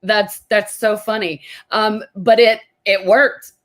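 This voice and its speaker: A woman's voice: medium pitch, fairly even intonation, slow pace, a bit bright. A woman hosting an interview over a video call, enthusiastic and dotted with ums. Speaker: interview host. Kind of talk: casual interview chat.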